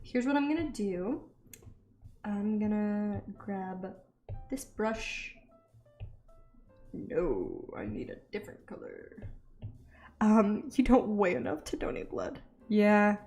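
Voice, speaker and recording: A young woman chatting casually as she draws for a video, self-deprecating and quick to laugh. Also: medium pitch, a little mellow. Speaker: art vlogger. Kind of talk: casual chat while drawing.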